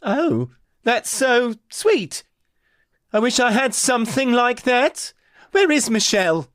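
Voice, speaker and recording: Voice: medium pitch, very animated, slow pace, a bit bright, dry recording, clean studio sound. A player voicing a polite, overly chatty man who overwhelms people with questions and keeps apologizing. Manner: apologetic, rambling, fussy.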